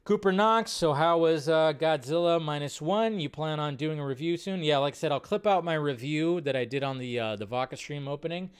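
A man's voice: a little high, a little fast, few pauses, clean tone. A man hosting a live movie news stream, talking casually and rambling as he reads out viewer comments.

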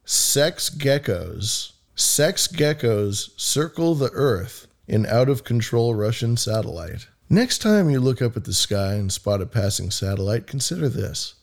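A man's voice: mid-range voice, very animated, a little slow, creaky, hardly any pauses. A man hosting a podcast in casual chat, reading a news story aloud with jokes and plenty of swearing. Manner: jokey, swears freely, laughs often. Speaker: podcast host.

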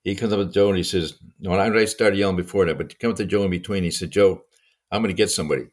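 An older man, a podcast co-host and former baseball coach, telling anecdotes in casual conversation with frequent chuckles. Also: low-pitched. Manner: fast, lively anecdotes with chuckles.

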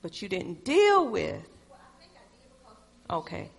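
A woman speaking in casual conversation, slowly and emphatically offering counsel. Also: medium pitch, wildly swooping pitch, gravelly, husky. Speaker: conversation partner. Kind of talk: casual chat, advice.

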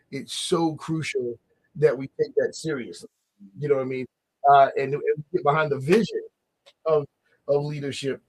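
Male host, slightly high voice, animated, laughs a lot, casual faith chat. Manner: animated, laughing often, acts out voices in quotes.

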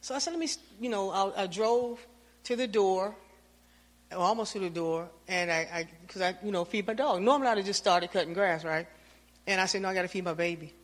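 A woman tells an anecdotal church testimony with lively storytelling, acting out her own lines and those of others. Her voice carries the long reverb of the sanctuary. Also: mid-range voice, fairly quick. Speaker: church member giving testimony.

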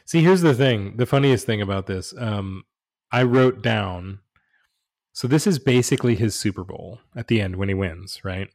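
A man's voice: fairly low pitch, moderate pace, darkish tone, dry recording. A man co-hosting a casual podcast chat, laid-back with dry asides.

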